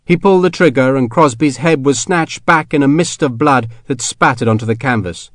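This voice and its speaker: Man narrating an audiobook, steady. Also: medium pitch, normal speed, no echo, clean studio sound. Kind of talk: scripted narration.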